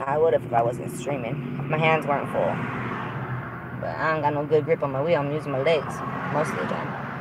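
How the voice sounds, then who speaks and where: A woman's voice: deep voice, fairly quick. A young woman chatting casually on a live stream while she drives, swearing freely, rambling and laughing often. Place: in a car while driving. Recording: loud road noise in a moving car.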